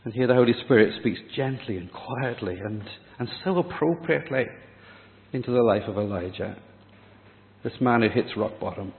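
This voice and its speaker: A man preaching a sermon, dramatic, dropping to a hush on key words. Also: mid-range voice, expressive, moderate pace. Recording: echoey hall, tinny phone-like sound.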